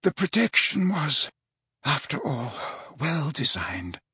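A man voicing a frail, elderly male headmaster wizard in an audiobook, speaking faintly with a slurred, slow, halting delivery. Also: mid-range voice, very animated, fairly bright tone, slightly rough, no room sound, heavily acted. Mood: faint, weary. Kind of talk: audiobook character voice.

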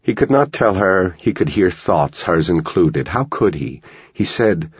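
A man reading a novel aloud as an audiobook narrator, with steady, measured storytelling. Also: low voice, husky, no room sound, lo-fi sound. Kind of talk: scripted narration.

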